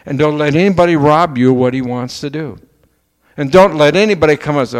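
A man's voice: a little high, brisk. A man preaching a sermon as pastor to his church, talking in a conversational way, firing off rhetorical questions and mimicking doubters. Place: church sanctuary. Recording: echoey church hall, long reverb.

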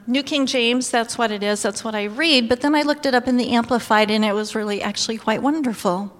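Woman, fairly high voice, sermon, animated storyteller, long hall reverb. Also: fairly quick, hardly any pauses. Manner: animated storytelling, exclaiming and laughing. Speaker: pastor's wife or preacher.

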